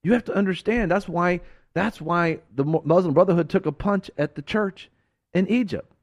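A man preaching fervently as a talk show host, swinging between emphatic outbursts and hushed, earnest passages. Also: sits high, normal speed, dry recording.

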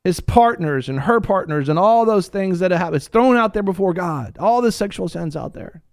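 A man preaching a sermon with passion, swinging between hushed lines and loud ones, addressing his listeners directly as sir and ma'am. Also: high voice, expressive, moderate pace, dry recording, clean studio sound.

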